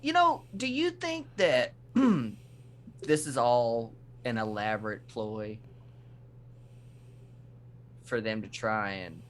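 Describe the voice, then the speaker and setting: A man's voice: on the low side, slight background noise. A man with a Texan accent co-hosting a wrestling podcast, joking and swearing in casual chat. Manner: profane, joking, animated. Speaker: podcast co-host.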